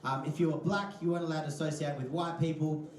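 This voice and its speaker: A young Australian man doing a stand-up set, telling lively stories, swearing freely and acting out the voices of others. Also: a little high, fast, slight background noise. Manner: lively storytelling, swears a lot, acts out voices. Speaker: stand-up comedian. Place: comedy club stage. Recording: echoey room, distant mic.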